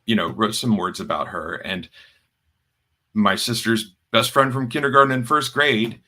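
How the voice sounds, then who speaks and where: A man co-hosting a podcast, chatting casually and halting with fillers and restarts. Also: on the low side, steady tone, bright, forceful tone. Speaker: podcast co-host. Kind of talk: casual chat.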